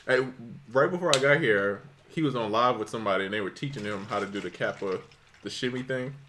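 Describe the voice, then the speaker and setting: A man's voice: lowish voice, quick pace, sharp tone, a little hiss or hum. A man co-hosting a live podcast, chatting casually in slangy, laughing banter. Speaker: podcast co-host. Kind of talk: casual chat. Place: livestream podcast.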